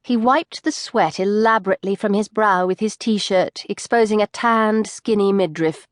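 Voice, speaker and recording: A woman narrating a novel in an expressive, measured reading. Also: mid-range voice, no room sound, studio quality. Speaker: audiobook narrator. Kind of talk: scripted narration.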